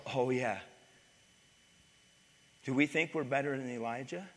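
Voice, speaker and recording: A male pastor preaching a sermon, swinging from loud to hushed. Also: medium pitch, measured pace. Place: church sanctuary. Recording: reverberant church hall.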